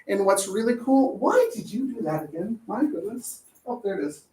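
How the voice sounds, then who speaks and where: A woman's voice: mid-range voice, lively intonation, moderate pace, dark tone. A woman gives a loose, chatty talk about parenting. She jokes and slips into little acted voices. She sounds some way off from the mic, in a room with plenty of echo. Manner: chatty, jokey, acts out voices and sings snatches. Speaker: parenting educator. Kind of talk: casual presentation. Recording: echoey room, voice from a distance.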